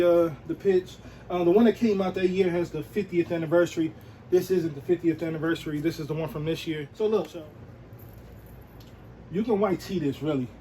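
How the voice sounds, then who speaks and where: Brief: male vlogger, relaxed slangy show-and-tell, slightly raised pitch. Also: a little hiss or hum, poor audio. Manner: laid-back, slangy, peppered with "you know what I'm saying". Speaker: sneaker and streetwear vlogger.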